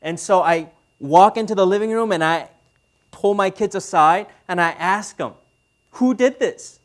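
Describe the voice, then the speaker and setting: A man's voice: sits high, normal speed. A man in his thirties preaching a sermon as pastor, speaking conversationally and asking the audience questions.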